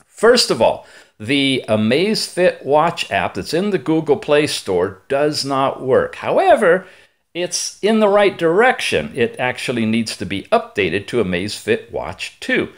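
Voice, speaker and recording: Animated, chatty man reviewing gadgets. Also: mid-range voice, a little slow. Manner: chatty, animated, digressive asides, playful exclamations. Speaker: tech reviewer. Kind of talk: hands-on product review.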